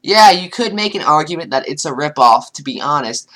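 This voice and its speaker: A woman's voice: low-pitched, animated, fairly quick, a bit bright. A woman giving sarcastic, exasperated commentary while reading online comments aloud. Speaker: commentary youtuber.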